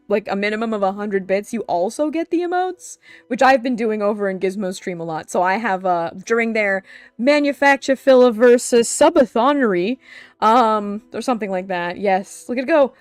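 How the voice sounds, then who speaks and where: Woman streamer, excitable and giggly, brightish voice, dry close mic, soft music underneath. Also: on the high side, moderate pace, no echo. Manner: giggly and excitable, laughs often. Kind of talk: casual live-stream chat.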